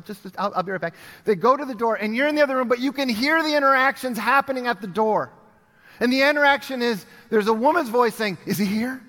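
A pastor delivers a sermon in a fairly high voice, telling a story and acting out bits of dialogue with casual asides. His voice rings with the long reverb of a large hall. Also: fairly bright tone.

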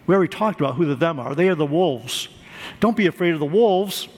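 A man's voice: on the high side, animated, fast, long reverb tail. A man preaching a sermon, earnest, repeating words for emphasis. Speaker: pastor.

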